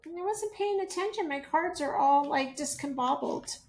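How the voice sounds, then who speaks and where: A woman's voice: high-pitched, moderate pace, a little mellow, reverberant. A woman running a casual tarot channeling session, asking spirits questions and reporting their answers. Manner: chatty, asks questions then reports answers.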